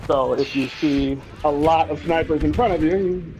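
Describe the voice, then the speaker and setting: A man's voice: on the high side, moderate pace, background noise. A man who leads a gaming clan, chatting casually in an interview, easygoing and laughing often. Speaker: clan leader.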